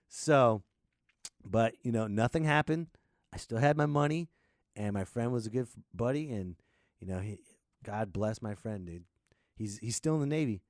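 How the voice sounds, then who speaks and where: A man's voice: mid-range voice, a little mellow, dry recording, clean studio sound. A man in his thirties hosting a podcast, telling a rambling, profane story and laughing often. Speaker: podcast host. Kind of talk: casual storytelling monologue.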